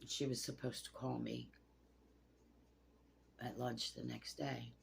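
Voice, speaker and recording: Gravelly voice in its sixties. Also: mid-range voice, level tone, takes it slowly, a little hiss or hum. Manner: rambling, profane and emotional. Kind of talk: late-night personal storytelling.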